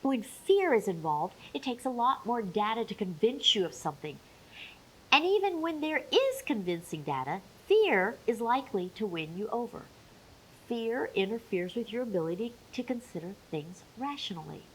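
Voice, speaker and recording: A woman educator giving an emphatic, clear talk on menopause with playful asides. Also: fairly high pitch, very animated, moderate pace, low-quality recording.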